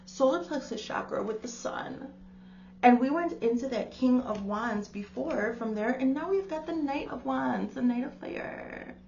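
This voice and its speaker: A woman's voice: on the high side, a little slow, creaky, darkish tone, muffled recording, a little hiss or hum. Chatty woman giving a tarot reading. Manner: chatty, exclaiming, calls the listener darling. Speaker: tarot reader. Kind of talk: casual spiritual reading to camera.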